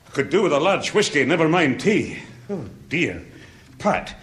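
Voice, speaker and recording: Rich: a grumbling older grandfather, his voice swinging up and down as he frets, a bit higher than most men. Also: sing-song, normal speed, fairly bright tone. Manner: grumbling, flustered. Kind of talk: 1960s radio sitcom acting.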